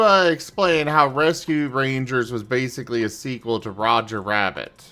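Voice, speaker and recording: A man chatting casually on a live stream, speaking in a hesitant, halting way. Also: mid-range voice, bright, forceful tone, soft background music. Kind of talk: casual chat.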